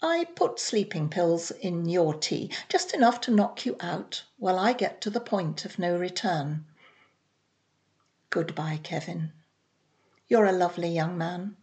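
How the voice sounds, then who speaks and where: A woman reading aloud, voicing a weary older woman who speaks quietly and slowly. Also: fairly low pitch, lively intonation, pitched below the performer's own voice. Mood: resigned. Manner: quiet, soft-spoken.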